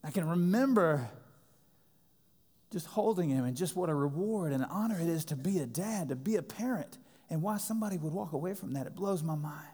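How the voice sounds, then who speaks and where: A man in his thirties preaching a sermon as pastor, impassioned, swinging between loud emphasis and quiet intensity. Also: on the high side, lively intonation, a little fast, husky. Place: church sanctuary. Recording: long hall reverb.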